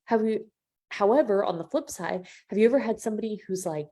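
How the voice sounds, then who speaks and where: Animated woman coach, mellow voice. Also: medium pitch, a little fast. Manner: animated, acts out quoted voices, addresses listeners as y'all. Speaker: business coach. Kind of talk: live coaching training.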